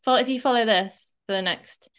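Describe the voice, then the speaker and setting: A woman fitness coach co-hosting a podcast, chatting casually and often checking in with a quick "right?". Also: a little high. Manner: chatty, animated, often tags a questioning "right?".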